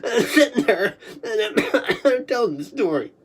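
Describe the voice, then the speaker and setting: A woman reliving a memory aloud, halting and repetitive, coughing between phrases and swinging between laughing and crying. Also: a little high, lively intonation.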